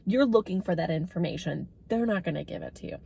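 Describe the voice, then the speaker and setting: A woman's voice: lowish voice, expressive, fast talker, creaky, warm tone, husky. Chatty woman explaining with acted-out quotes. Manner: chatty, acts out quoted phrases in a lifted voice. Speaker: dementia care educator. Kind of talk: casual educational vlog.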